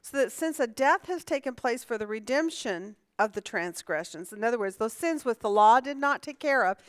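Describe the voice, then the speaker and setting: A woman's voice: a little high, expressive, normal speed, no echo. A woman teaching a conversational Bible lesson. She asks the class questions, answers them herself and often restarts her sentences.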